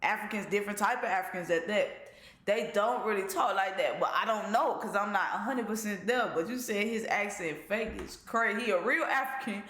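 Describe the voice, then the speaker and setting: Man, reaction host, bright tense voice, laid-back slangy chat, echoey room. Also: sits high, brisk. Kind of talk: casual commentary.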